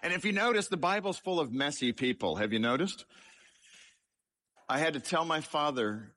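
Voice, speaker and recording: A man shares his life story in a sermon-style testimony about his childhood, telling it with humour and poking fun at himself. His voice is a little high, bright and forceful, animated at a moderate pace, with slight background noise.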